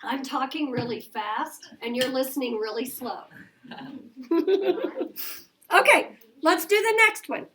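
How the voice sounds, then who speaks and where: A middle-aged woman teaching a math lesson to her class, brisk and coaxing, asking questions as she goes. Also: high voice, animated, bright, forceful tone, a little hiss or hum. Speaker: elementary school teacher.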